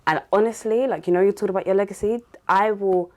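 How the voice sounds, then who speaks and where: A woman's voice: mid-range voice, steady tone, quick pace. A woman hosting a podcast interview, telling stories animatedly and laughing often. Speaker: podcast host. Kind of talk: casual interview chat.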